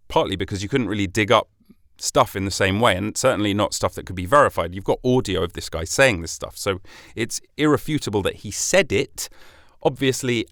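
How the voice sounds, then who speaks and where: A man's voice: lowish voice, fairly bright tone, no room sound, studio quality. A British man hosting a solo podcast in a chatty, rambling way, with some swearing and self-deprecating asides. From Britain. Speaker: podcast host.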